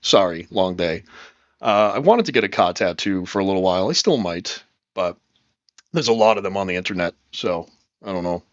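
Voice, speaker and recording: A man's voice: sits low, lively intonation, a little fast, no echo. Upbeat rambling man on a dull, dry mic. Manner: upbeat, rambling, swears freely. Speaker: livestream host. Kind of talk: casual livestream chat.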